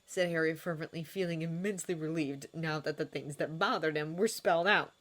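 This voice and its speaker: A woman narrating a fanfiction story as an audiobook, with a steady storytelling manner. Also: deep voice, fast talker, few pauses.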